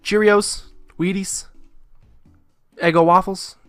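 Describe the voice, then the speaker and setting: A man chatting through a video game, rambling and joking with profane asides. His voice sits a bit high for a man, close and dry, with soft game music under it. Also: fairly even intonation, slow, clear, resonant tone, no echo. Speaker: let's play host. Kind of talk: casual gameplay commentary.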